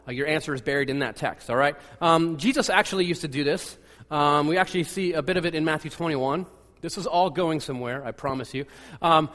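A man giving a casual, rambling sermon, full of fillers, restarts and wry asides. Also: a little high. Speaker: pastor. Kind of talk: conversational sermon. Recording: long hall reverb.

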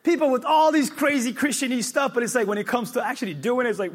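A male pastor preaching a sermon, emphatic and repetitive, with sudden loud peaks. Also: very high-pitched, fast talker.

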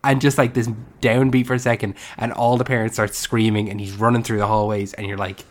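A man's voice: on the low side, brisk, few pauses. A young man co-hosting a film podcast, talking casually and eagerly, often acting out scenes. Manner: animated, acts out scenes from the film. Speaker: podcast co-host.

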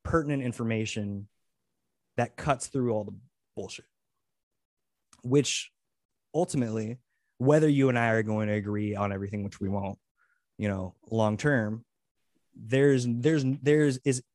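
A man's voice: lowish voice, unhurried, pauses often, darkish tone, dry recording, studio quality. A man chatting as a new podcast co-host, earnest and rambling, with many restarts. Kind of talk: casual podcast chat.

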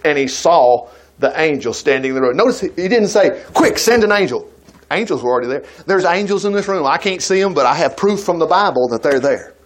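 A man's voice: a little high, expressive, fast talker. A man preaching a sermon at a church service, retelling a Bible story with folksy asides and laughter.

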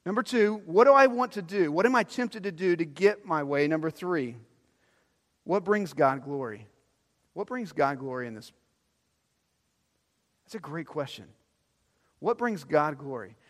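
A man preaching from the pulpit, his somewhat high voice carried by the long reverb of a large hall. He moves from loud, pressing emphasis to hushed, low lines as he drives each point home. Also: lively intonation, measured pace, pauses often. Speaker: pastor. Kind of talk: sermon.

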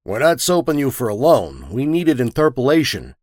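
A man's voice: mid-range voice, wildly swooping pitch, moderate pace, a little mellow, dry recording, clean studio sound. A man voicing a brash, pushy male newspaper reporter who talks in slang, in a dramatic story reading.

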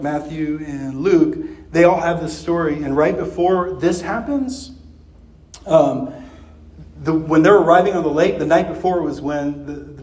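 A man's voice: vocal fry, darkish tone. A man preaching a sermon in a conversational way, with chuckles and fillers. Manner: acts out quoted voices with pitch jumps. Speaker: pastor.

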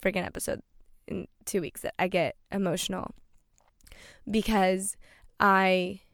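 A woman's voice: medium pitch, flat delivery, measured pace, fairly bright tone, no room sound, studio quality. A young woman hosting her own podcast, talking loosely and chattily with many fillers, getting emotional. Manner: loose and chatty, many likes and you-knows. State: emotional, near tears. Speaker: podcast host. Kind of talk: casual solo podcast talk.

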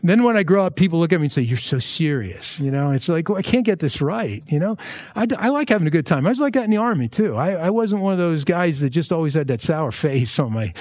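Chatty higher-voiced male pastor. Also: quick pace, no echo. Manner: conversational, jokey asides, lively emphasis. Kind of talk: verse-by-verse sermon.

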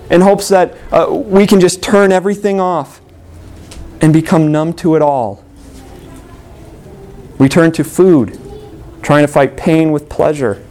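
A man preaching a sermon in an earnest way, repeating key phrases, with big rises and falls in pitch. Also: darkish tone. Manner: earnest, repetitive preaching with sweeping pitch swings.

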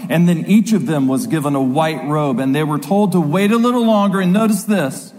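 A man preaching a sermon, reading scripture aloud dramatically with slow, emphatic stresses. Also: fairly high pitch, a little mellow. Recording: long reverb of a large hall.

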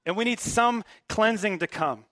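Male pastor, high voice, dry close sound, relaxed but emphatic preaching. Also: normal speed, dry recording. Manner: conversational, emphatic preaching with casual asides. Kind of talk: sermon.

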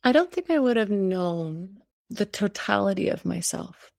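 A woman's voice: medium pitch, lively intonation, a little slow, gravelly, darkish tone, no echo, studio quality. A woman guest telling a personal story in conversation. She speaks in a heartfelt, rambling way, full of fillers. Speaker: cancer survivor guest.

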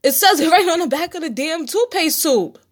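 A woman's voice: very high-pitched, lively intonation, moderate pace. A woman hosting her own casual podcast, talking straight to her listeners in a blunt, preachy, profane manner. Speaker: podcast host. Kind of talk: casual solo podcast monologue.

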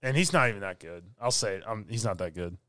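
A man co-hosting a gaming podcast in casual chat, blunt and jokey and quick to complain. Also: fairly low pitch, fairly bright tone, clean tone, no room sound. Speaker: podcast co-host.

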